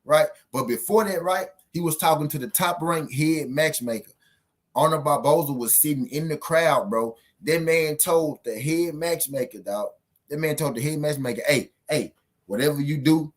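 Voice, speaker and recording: A man's voice: fairly high pitch, normal speed. A man giving casual boxing commentary on his own show, emphatic and profane, repeating points for effect.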